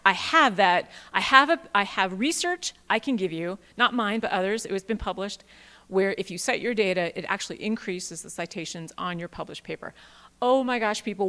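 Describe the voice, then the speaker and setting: Playful woman presenting in a reverberant hall. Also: medium pitch. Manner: playful, animated, jokey asides. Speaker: workshop presenter. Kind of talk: conference workshop talk. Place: large auditorium.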